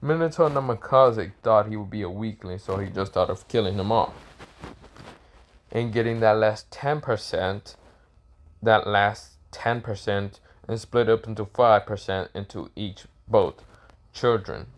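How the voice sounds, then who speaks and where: A man's voice: on the low side, measured pace. A man improvising a fan-fiction story aloud in a rambling, self-correcting way with lots of fillers.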